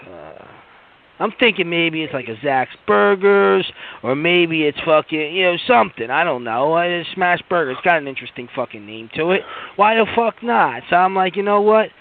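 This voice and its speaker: On a podcast, a male co-host rants through a long, profane, meandering story packed with fillers and restarts. His voice is a little high, and the dry recording sounds tinny, like a phone line.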